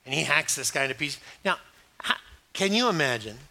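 A middle-aged man preaching a sermon, animated and acting out scripture scenes in different voices. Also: fairly high pitch, brisk. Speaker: pastor.

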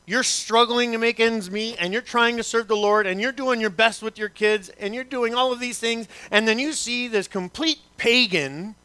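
A man, a pastor preaching a sermon, asking the congregation rhetorical questions and acting out complaints to God with dramatic pauses. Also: high-pitched, pushed and bright, clear, resonant tone, no echo.

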